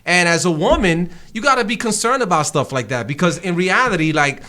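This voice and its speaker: A man's voice: high-pitched, animated, a little fast, pushed and bright. A man co-hosting a casual talk show, speaking earnestly and backing up his co-host with frequent agreement. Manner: earnest, many backchannel yeahs, restarts when making a point. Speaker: podcast co-host. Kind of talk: casual chat.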